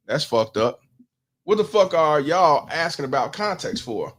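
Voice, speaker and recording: A man's voice: fairly high pitch, big pitch swings, unhurried, a bit bright. A man, hosting a commentary stream, blunt and profane, putting questions to his audience. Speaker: host.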